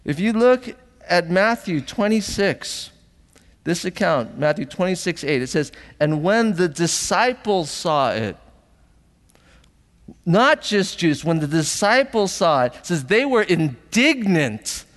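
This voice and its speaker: Animated middle-aged pastor in a hall. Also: male voice, slow. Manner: animated storytelling, acting out voices with big pitch jumps. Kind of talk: sermon.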